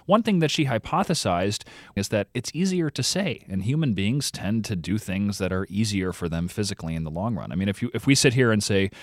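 Low-voiced man explaining accents. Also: expressive, brisk, dry recording, studio quality. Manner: explanatory, demonstrating speech sounds. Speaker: podcast reporter. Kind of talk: radio interview guest.

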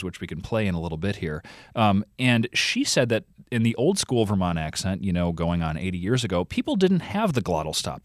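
A man's voice: lowish voice, dry recording, clean studio sound. A man reporting for a podcast, explaining and demonstrating speech sounds as a guest on a radio interview.

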